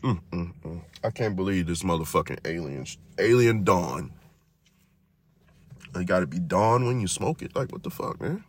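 Deep-voiced, profane man rambling casually. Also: lively intonation, slightly rough. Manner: profane, rambling, drawn-out repetitions. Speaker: podcast host. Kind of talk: casual monologue.

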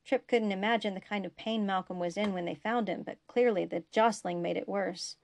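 A woman narrating a science fiction story aloud in a steady, even way. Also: medium pitch, brisk, gravelly. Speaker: fan fiction reader.

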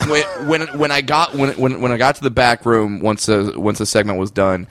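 A man's voice: medium pitch, steady tone, normal speed, a bit bright. A man co-hosting a podcast who tells a story and acts out the lines of the people in it. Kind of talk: casual podcast chat.

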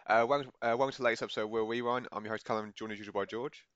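A man's voice: mid-range voice, fairly even intonation, racing, noisy background. A young man hosting a casual chat show, hesitant with many fillers and restarts. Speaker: podcast host. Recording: lo-fi muffled audio.

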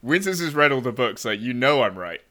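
A man's voice: medium pitch, sing-song, fairly quick, fairly bright tone. A man in casual podcast chat, insisting stubbornly on his point.

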